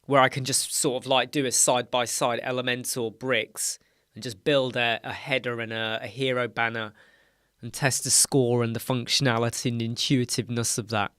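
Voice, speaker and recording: A man's voice: mid-range voice, little pitch movement, moderate pace, fairly bright tone, smooth, no echo, studio quality. A tired British man hosting a live Q&A stream, explaining things casually with rambling self-corrections. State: tired, yawning. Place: dark home studio with soundproof panels.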